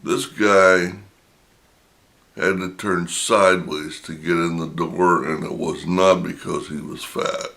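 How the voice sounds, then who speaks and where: A middle-aged man, slowly telling a personal anecdote in a casual, drawn-out way. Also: sits low, steady tone, creaky, fairly bright tone. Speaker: storyteller.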